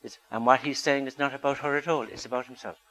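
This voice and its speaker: Man, mid-pitched, earnest speaker at a talk, leans on rhetorical questions. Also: fairly even intonation, fast, fairly bright tone, rough recording. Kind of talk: public talk.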